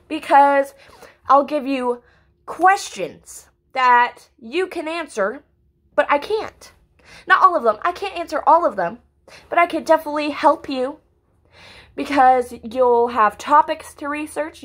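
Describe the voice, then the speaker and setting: A woman's voice: high-pitched, pushed and bright. A young woman vlogging in a casual, rambling monologue, swearing often and packing her talk with fillers. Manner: profane, ranting, filler-heavy.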